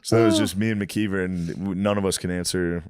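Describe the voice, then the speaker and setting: A man's voice: low-pitched, fairly even intonation, brisk, a little mellow, clear, resonant tone, dry recording, studio quality. A man co-hosting a podcast, telling profane anecdotes and acting out the lines of the people in them. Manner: storytelling, profane, acts out quoted lines. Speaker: podcast co-host. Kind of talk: casual crude banter.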